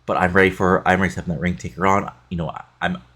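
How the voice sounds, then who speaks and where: Man reading as fierce female wrestler, demanding, deep male voice, husky. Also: steady tone, racing, bright, forceful tone, heavily acted. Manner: demanding, read aloud plainly.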